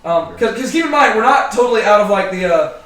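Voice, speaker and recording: A man's voice: sits high, animated, fast, a bit bright. A man leading a casual group Bible study, joking and filling his talk with ums and likes. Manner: chatty, joking, many fillers. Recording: roomy, distant mic.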